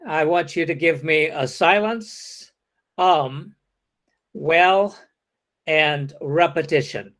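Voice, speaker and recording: Guy giving a teacher training talk, slow and deliberate, kinda high voice, acts out little hesitant answers. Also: fairly bright tone. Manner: demonstrates hesitant replies, calls on participants. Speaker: workshop lecturer. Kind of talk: interactive teacher-training lecture.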